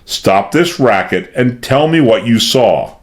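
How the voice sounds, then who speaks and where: A man's voice: mid-range voice, animated, unhurried, lightly acted. A man doing a stern, commanding detective. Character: stern, probing male detective. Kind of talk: audiobook character voice.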